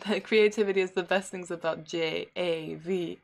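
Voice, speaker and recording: A woman's voice: fairly low pitch, fairly even intonation, unhurried, vocal fry. Casual female streamer, chatty and giggly, reading and answering chat. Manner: laughs often, chatty, answers chat messages. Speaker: livestreamer.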